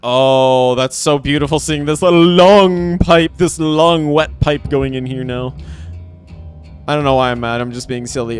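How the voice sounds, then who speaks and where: A man's voice: medium pitch, fairly even intonation, a little slow, soft background music. A man giving casual live gameplay commentary, playful and rambling, repeating phrases and talking to his chat. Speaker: game streamer.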